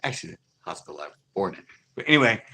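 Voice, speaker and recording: A middle-aged man hosting a fishing channel, telling a long story in a rambling, animated way full of fillers. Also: deep voice, racing. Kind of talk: casual livestream storytelling.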